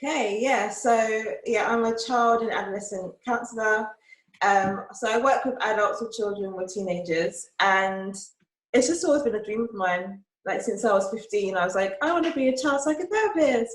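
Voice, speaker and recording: A woman counsellor talking as a podcast guest in a relaxed, chatty way, laughing easily. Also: mid-range voice, moderate pace. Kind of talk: casual interview talk. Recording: roomy echo.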